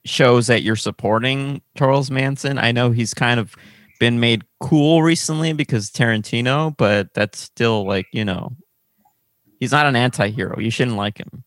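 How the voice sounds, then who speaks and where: A man's voice: mid-range voice, normal speed, no echo. Dry-sounding man teasing on a call. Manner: teasing, probing questions. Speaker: podcast co-host. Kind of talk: casual chat. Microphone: video call.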